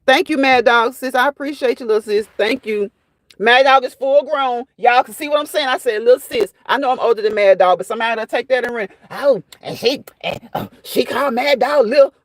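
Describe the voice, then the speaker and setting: A woman's voice: on the high side, fast, no room sound. A woman hosting a casual live stream, reading viewers' comments aloud and reacting to them in a chatty way that often repeats phrases.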